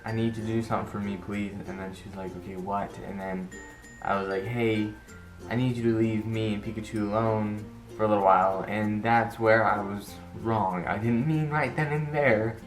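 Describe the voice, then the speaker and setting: Teen guy telling a story in a roomy echo. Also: on the low side. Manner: rambling, restarts, acts out quotes in his story. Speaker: vlogger. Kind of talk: casual storytelling to camera. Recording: roomy echo with faint guitar music.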